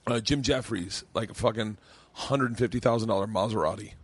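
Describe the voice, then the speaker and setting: A man's voice: lowish voice, a little fast, breathy edge, dry recording. A man hosting a podcast, chatting casually, swearing and laughing often. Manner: loose, swearing, laughs a lot. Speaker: podcast host.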